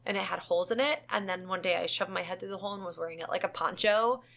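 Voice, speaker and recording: Bright-voiced giggly woman podcaster. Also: on the low side, quick pace, gravelly. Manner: rambling and giggly. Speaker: podcast co-host. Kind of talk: casual chat.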